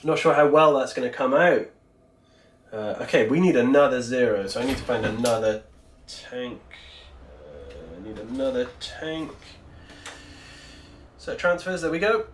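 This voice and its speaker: A man's voice: medium pitch, lively intonation, measured pace, reverberant, slight background noise. A man hosting a casual livestream while painting miniatures, chatty and rambling as he answers his chat, speaking into a Bluetooth microphone.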